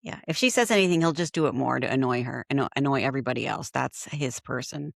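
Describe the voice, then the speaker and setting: A woman's voice: extremely low pitch, quick pace, gravelly, dry recording, studio quality. A woman co-hosting a casual gossip podcast, reacting with emphatic exasperation.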